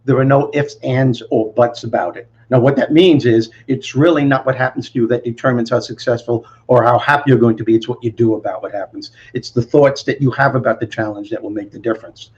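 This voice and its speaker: A man from Brooklyn with a Brooklyn accent, a guest motivational speaker telling stories in an animated, confident way. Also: mid-range voice, brisk, few pauses, lo-fi sound. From Brooklyn, New York. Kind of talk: interview storytelling.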